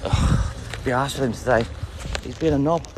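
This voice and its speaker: A man's voice: medium pitch, normal speed, over music. A man, a milkman streaming live from his van on his round, grumbling and swearing as he chats to viewers and his dog. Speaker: livestreaming milkman. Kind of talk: casual live-stream chat.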